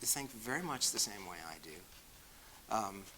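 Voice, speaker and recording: A man's voice: fairly low pitch, lively intonation, slow, pushed and bright, slight background noise, poor audio. A man with a Boston accent answering questions at a talk, speaking conversationally and with self-deprecating humor.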